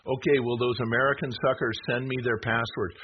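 Man putting on a gloating Russian crook, mock-polite, raised pitch, muffled sound, steady noise behind. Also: a little fast, close to an everyday voice. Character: scheming Russian man running a password site.

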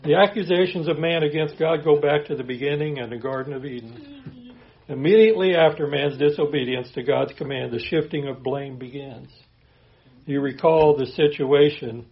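A man's voice: on the high side, normal speed, gravelly. Earnest preaching man, lo-fi sound. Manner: earnest expository preaching, reading scripture aloud. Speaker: pastor. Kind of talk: sermon.

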